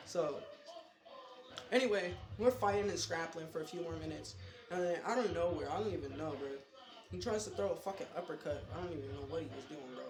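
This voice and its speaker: High-voiced rambling young man, echoey room. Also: brisk. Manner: rambling, profane, slangy. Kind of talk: casual storytelling vlog. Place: his bedroom at home. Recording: echoey room with music behind.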